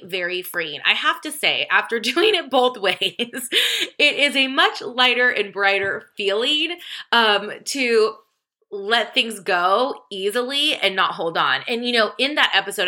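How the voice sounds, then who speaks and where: Bright and forceful in tone, this divorced adult woman coaches listeners on her self-help podcast in a casual style. She laughs often, swears freely, and leaps high in pitch when quoting herself.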